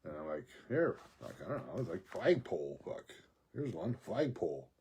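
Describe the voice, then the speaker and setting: A man's voice: sits low, sing-song, normal speed, darkish tone, slightly rough. A man telling a rambling personal story in a casual monologue, profane and laughing often. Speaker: vlogger.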